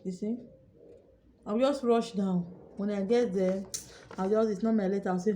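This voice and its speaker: Excitable woman vlogging to her viewers. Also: medium pitch, normal speed, long pauses, a little hiss or hum. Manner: excitable storyteller, acts out her own shouts. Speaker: YouTuber. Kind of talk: casual vlog talk to viewers.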